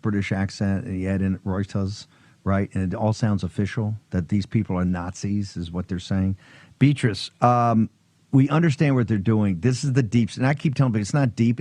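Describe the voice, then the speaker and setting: A man's voice: fairly low pitch, warm tone, no room sound. Emphatic male talk show host, dry sound. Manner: emphatic, combative.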